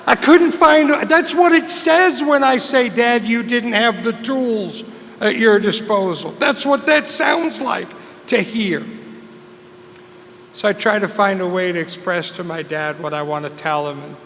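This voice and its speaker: A man's voice: high-pitched, unhurried, creaky, a bit bright. A middle-aged man, earnestly sharing his personal story as a speaker at a recovery meeting in a large hall. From England. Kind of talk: personal testimony talk. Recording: long hall reverb, faint noise.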